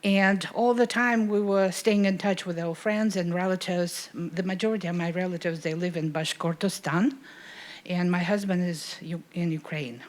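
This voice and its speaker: A woman's voice: lowish voice, steady tone, normal speed. A middle-aged woman from Russia, whose first language is Russian, asking an emotional, earnest question from the audience at a lecture. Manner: earnest, apologetic, grows louder and more emphatic.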